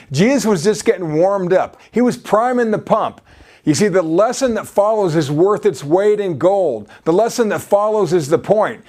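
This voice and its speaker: A man's voice: high voice, a little mellow. A male preacher delivering a sermon, peppering his talk with "you see" and frequent restarts.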